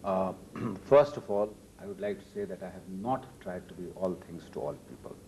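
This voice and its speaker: Indian-accented older male minister, warm low tone, measured answers with many uhs. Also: slight background noise, poor audio. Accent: Indian English. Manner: measured, repetitive emphasis, hesitant fillers. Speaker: finance minister interviewee. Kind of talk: formal TV interview answers.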